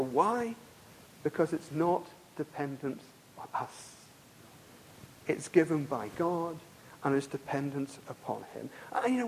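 A man preaching a sermon, emphatic and repetitive, asking the congregation rhetorical questions and swinging between loud stresses and quiet passages. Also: high voice, husky.

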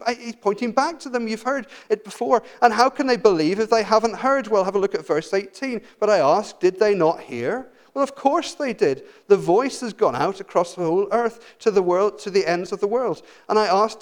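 Guy preaching, high voice, gets loud then really soft and pleading. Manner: passionate, swings from loud emphatic to hushed pleading. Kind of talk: sermon.

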